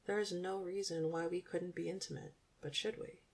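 Young female audiobook narrator, gravelly and on the low side, intimate and even. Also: normal speed.

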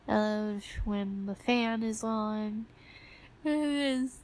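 A woman's voice: medium pitch, very slow. Congested young woman, whispered role-play. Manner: soft, sleepy and giggly. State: congested from a cold. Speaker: ASMR performer playing a sick girlfriend.

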